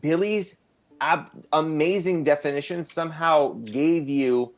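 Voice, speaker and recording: A man's voice: on the high side, measured pace. A man narrating as game master in a casual, playful way.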